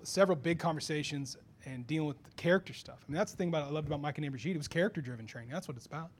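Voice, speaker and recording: A man preaching a sermon to a congregation, animated, building to loud, pressing rhetorical questions. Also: on the high side, a little hiss or hum. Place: church before a congregation.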